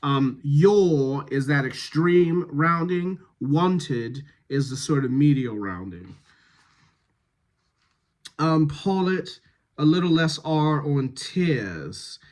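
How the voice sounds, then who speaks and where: Slow-spoken man giving dialect notes. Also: a little high, lively intonation. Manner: slow, measured, with frequent ums and pauses. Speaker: dialect coach. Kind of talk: reading rehearsal notes to actors.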